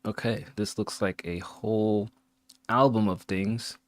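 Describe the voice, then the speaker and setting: A man's voice: fairly low pitch, steady tone, unhurried, dry recording. A man co-hosting a casual show, rating songs and reading out titles with a wry, joking manner. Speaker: co-host picking and rating listener tracks. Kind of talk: casual critique chat.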